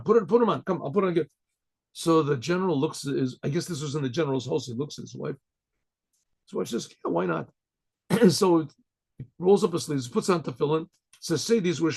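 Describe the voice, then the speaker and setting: Gravelly husky rabbi telling a story. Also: male voice, fairly high pitch. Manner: animated storyteller, acts out dialogue, frequent throat clearing. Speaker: rabbi teaching a class. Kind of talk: storytelling Torah class.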